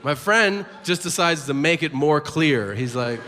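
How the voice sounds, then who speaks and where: A man's voice: a little high, a little slow. A man performing stand-up on a comedy stage into a handheld mic, telling stories animatedly and acting out the quotes himself. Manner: animated storytelling with acted-out quotes. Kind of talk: stand-up set. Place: comedy stage before a live audience. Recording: live hall reverb with crowd noise.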